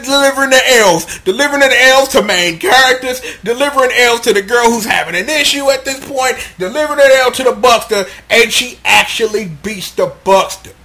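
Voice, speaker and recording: A man with a high voice recapping a show episode as comedy. He talks in profane, slang-heavy bursts and stays animated throughout. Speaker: show reviewer.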